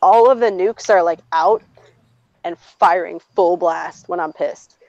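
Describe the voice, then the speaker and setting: Unhurried and lowish, with vocal fry and a darkish tone, a woman in her twenties tells personal stories in casual conversation. She's blunt, profane and quick to laugh. The audio is dry and comes across a little dull.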